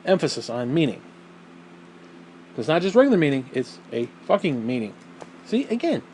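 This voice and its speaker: A man's voice: on the high side, moderate pace, a little hiss or hum, low-quality recording. Profane, emphatic man ranting. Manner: blunt and profane, emphatic swearing; animated, voice rising when indignant. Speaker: podcast host. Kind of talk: casual opinion monologue.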